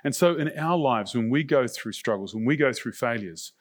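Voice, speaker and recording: A man's voice: medium pitch, expressive, normal speed. A middle-aged male pastor preaching a sermon in a conversational way, often asking the congregation rhetorical questions.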